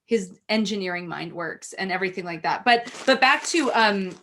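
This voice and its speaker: A woman's voice: mid-range voice, animated, normal speed, sharp tone, slight background noise. A woman, an opera singer co-hosting a casual chat, who talks in a gushing, rambling way.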